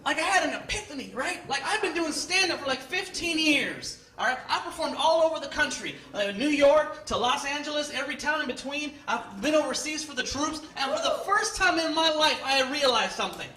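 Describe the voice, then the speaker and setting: High-voiced man doing stand-up comedy. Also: brisk, few pauses. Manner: animated, loud punchlines, mixes Spanish words. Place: comedy club stage with live audience. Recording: echoey club with audience noise.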